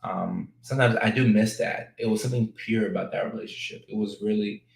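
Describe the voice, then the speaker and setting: Gravelly-voiced man in a roomy space. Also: fairly low pitch, fairly even intonation. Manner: playful and joking, drifting into halting, hesitant talk. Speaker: guest on a talk show. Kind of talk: casual chat.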